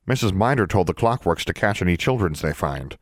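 A man voicing a timid male house elf who speaks in broken grammar with a creaky, mournful voice, in a storybook reading. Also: sits low, lively intonation, a little fast, no echo, studio quality. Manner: simple ungrammatical speech, mournful.

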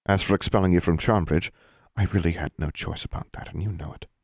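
Icy, measured witch dean in a storybook, deep and dry, read by a man. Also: fairly even intonation, darkish tone, dry recording. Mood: cool. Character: cool, steady older witch dean, female.

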